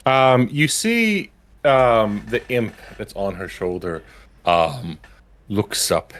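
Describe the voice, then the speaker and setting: Deep, expressive male game master. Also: takes it slowly. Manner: expressive, explains rules with frequent ums. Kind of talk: narrating a tabletop game stream.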